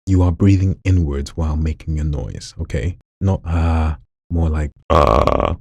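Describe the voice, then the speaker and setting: A man with a very deep, gravelly voice full of vocal fry, chatting casually and jokingly in a vlog while showing off voices at home late at night. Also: measured pace, no room sound. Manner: relaxed, chatty, jokey asides. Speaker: hobby voice actor.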